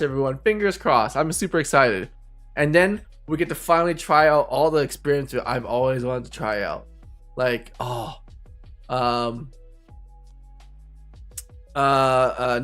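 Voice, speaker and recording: A man's voice: a little high, fairly bright tone. A man chatting casually and rambling with viewers on a live stream, laughing often. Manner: rambling, giggly, talks to viewers.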